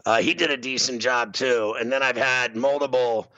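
A middle-aged man hosting a radio show, telling a comic story in an animated way. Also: moderate pace, no echo, dull audio. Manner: animated storyteller, bursts into high screaming. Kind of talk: comedic storytelling.

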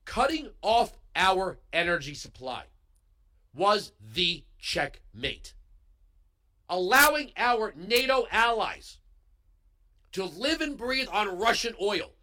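Heated bright-voiced male talk host. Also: high-pitched, very animated, slow pace. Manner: heated, emphatic, swings into yelling. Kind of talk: political commentary monologue. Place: radio studio. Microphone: studio broadcast microphone.

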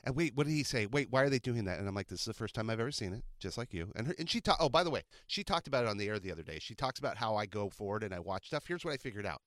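Guy hosting a radio show, talks fast, bright forceful voice, dry studio. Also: lowish voice, dry recording. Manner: quick, animated complaining asides. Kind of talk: casual morning-show banter.

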